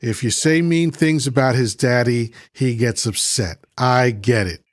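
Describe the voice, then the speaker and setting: A man's voice: mid-range voice, measured pace, dry recording, studio quality. A man hosting a livestream, reading chat comments aloud and arguing with them in a combative, mocking way, often repeating himself. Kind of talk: heated political rant.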